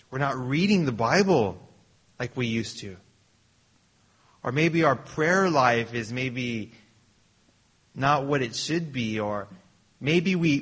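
A man's voice: mid-range voice, fairly bright tone, slightly rough. A man preaching a sermon in an earnest, personal way, often restarting his phrases.

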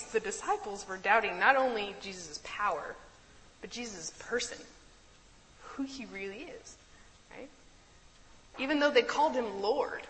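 Brief: friendly woman Bible teacher, chatty and amused, bright tone in a reverberant room. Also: mid-range voice, slight background noise. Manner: chatty, laughs easily, keeps asking "right?".

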